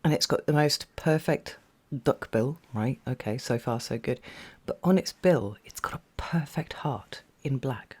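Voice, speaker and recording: A man giving a casual tarot reading, talking in a chatty, meandering way with many fillers and at times dropping to a soft half-whisper. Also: mid-range voice, unhurried, hardly any pauses, slightly rough. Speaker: tarot reader.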